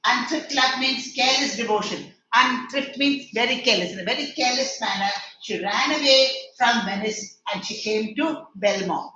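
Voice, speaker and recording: This woman's voice is a little high and sharp, moving at normal speed with hardly any pauses. As an English teacher in an online lecture, she takes a play line by line, paraphrasing each verse and quizzing the class, all on an echoey, distant, lo-fi recording with slight background noise.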